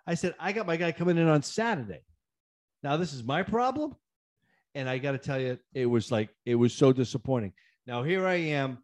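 A man in casual chat, telling a story in an animated, ranting way, acting out both sides of phone calls and climbing sharply in pitch when riled. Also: fairly quick. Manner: acts out the other side of phone calls; repeats himself, frequent restarts.

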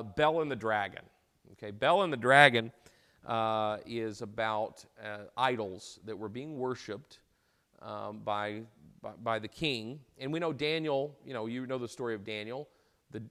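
A man teaching an informal lecture as a Bible teacher, retelling a story in a conversational way and often repeating and restarting his words. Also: mid-range voice.

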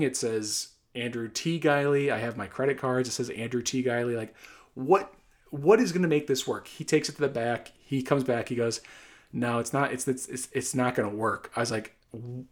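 Man telling a rambling exasperated story. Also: mid-range voice. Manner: rambling, exasperated anecdote with quoted dialogue. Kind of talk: casual storytelling.

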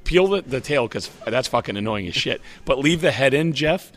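Male podcast host, mid pitch, swears freely, rambles, quick to laugh. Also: lively intonation. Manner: profane, rambling, laughs often, playful teasing. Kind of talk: casual podcast banter.

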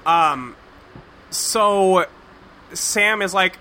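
A man's voice: a little high, takes it slowly, bright, forceful tone, a little hiss or hum. A man recapping a cartoon episode in casual chat, rambling and profane, with lots of fillers. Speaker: podcast host recapping a cartoon.

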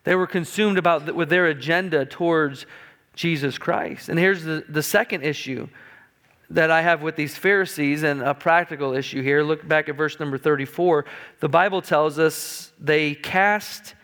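A middle-aged man preaches to his congregation with a high, light voice, telling everyday stories in a loose, conversational way. His words ring out with the long reverb of a church sanctuary. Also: moderate pace. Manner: conversational, animated storytelling preaching. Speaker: pastor. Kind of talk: sermon.

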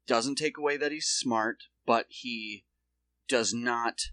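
A man's voice: mid-range voice, slow pace, bright, forceful tone, dry recording. Male podcast co-host, crude storyteller, dry close mic. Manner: rambling storyteller, swears, acts out quotes in shifting voices. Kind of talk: casual chat.

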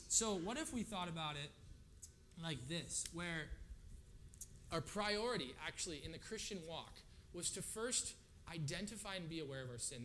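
In a slightly high, somewhat bright voice, a man delivers a sermon casually and conversationally. He keeps checking in with his audience, dropping frequent "right?" asides. There's slight background noise.

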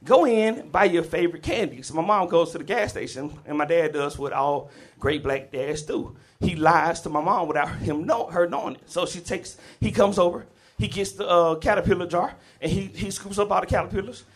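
A man from the Southern US tells a funny personal story before a live audience. His talk is animated and loose, and he often chuckles. His voice sits a touch high for a man. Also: brisk.

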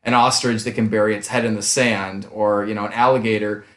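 A man's voice: on the low side, flat delivery, fairly quick. A man co-hosting a casual film podcast, easygoing and sometimes tripping over words. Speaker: podcast co-host. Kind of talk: casual chat. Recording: echoey room.

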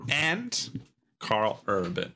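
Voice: mid-range voice, wildly swooping pitch, drawn-out words, sharp tone, slight background noise. A co-host in a casual chat, teasing the others and laughing often. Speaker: podcast co-host.

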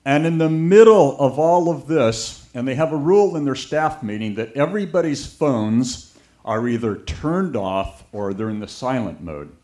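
This sermon comes from a man of medium pitch speaking at a moderate pace. He tells a story with vivid anecdotes, acting out the voices of the people he quotes.

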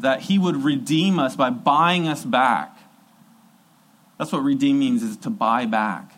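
A man's voice: mid-range voice, rough recording. A man preaching a sermon in an earnest, emphatic way, repeating key phrases for weight.

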